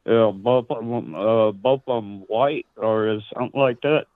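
A man's voice: lowish voice, measured pace, no room sound. A man on a phone call, hesitant and insistent, full of fillers. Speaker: caller. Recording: tinny phone line.

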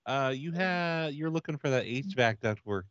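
A man's voice: medium pitch, lively intonation, normal speed, a bit bright, dry recording, dull audio, natural voice. A man on a prank call playing an odd, pushy man who insists he is in a stranger's backyard, rambling with fillers. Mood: insistent.

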